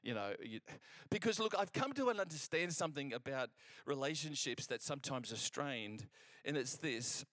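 A man preaching a sermon, telling a personal story in an animated, conversational way and acting out the exchanges, with frequent restarts. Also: mid-range voice, moderate pace, hardly any pauses, dry recording.

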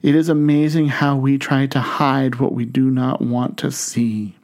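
A man preaching a sermon, reading scripture in a measured, deliberate way. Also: medium pitch, level tone, darkish tone. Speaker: pastor.

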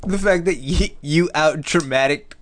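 A man hosting a podcast who talks in a quick, teasing, casual way. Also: a little high. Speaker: podcast host. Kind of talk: casual chat.

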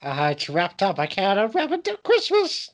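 A woman putting on a high, wheedling impression of a clingy male actor for comic banter. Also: huge pitch swings. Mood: creepy wheedling. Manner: wheedling, squeaky, drawn-out.

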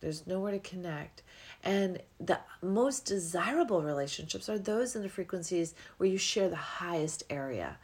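A woman's voice: lowish voice, lively intonation, moderate pace. A middle-aged woman hosting a podcast, talking in a reflective, rambling way with sighs and yawns. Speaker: podcast host. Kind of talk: casual spiritual podcast monologue.

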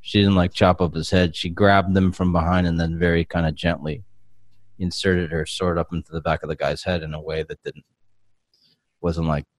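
A man's voice: low voice, little pitch movement, normal speed, dry recording. A man hosting a podcast, recapping episodes in a rambling casual way with many fillers. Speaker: podcast host. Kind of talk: casual chat.

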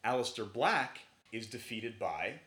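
A man's voice: lowish voice, lively intonation, a little slow, pushed and bright. A man hosting a podcast in casual chat, leading the talk and explaining storylines. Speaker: podcast host. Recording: echoey room.

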